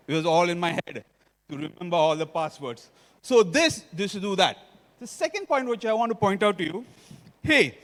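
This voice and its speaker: Indian man, conference speaker, high voice, keeps checking the crowd follows, hall reverb. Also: a bit bright. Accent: Indian English. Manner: engaging, quizzes the audience often. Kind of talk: technical conference talk.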